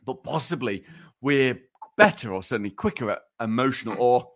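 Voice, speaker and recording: Male podcast co-host, mock-lecturing tease, animated pitch, mid-range voice. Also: moderate pace. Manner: teasing, mock-lecturing, laughs while talking. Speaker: podcast co-host presenting research. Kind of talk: casual podcast banter.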